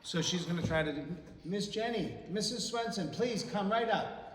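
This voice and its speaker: A man's voice: high-pitched, expressive, moderate pace, slight background noise. A middle-aged man, a parish priest hosting a casual web show, joking and laughing often. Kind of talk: casual chat. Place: parish house room. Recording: echoey room, mic at a distance.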